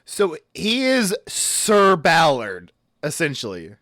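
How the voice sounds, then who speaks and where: A male podcast co-host with a slightly higher voice, chiming in enthusiastically with lively ups and downs. The recording is dry and close. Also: slow pace, no echo. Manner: enthusiastic interjections. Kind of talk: casual chat.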